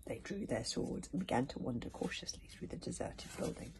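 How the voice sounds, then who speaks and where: A woman reading a children's adventure story aloud, often dropping to a hushed whisper for suspense. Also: extremely low pitch, animated, brisk, hardly any pauses, a little hiss or hum, rough recording. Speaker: audiobook narrator. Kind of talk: storybook read-aloud narration.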